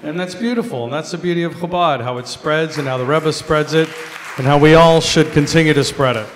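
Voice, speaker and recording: A man, a comedian, telling a lively story at a gala, talking animatedly. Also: on the high side, a little fast, some chatter behind. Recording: echoey hall, faint noise.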